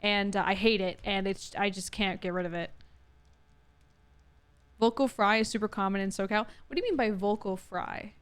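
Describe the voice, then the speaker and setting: A gaming streamer from California with a Valley Girl accent chats casually with her viewers during a let's-play. She says "like" constantly, with upward inflection and a bit of vocal fry, speaking at a medium pitch and moderate pace.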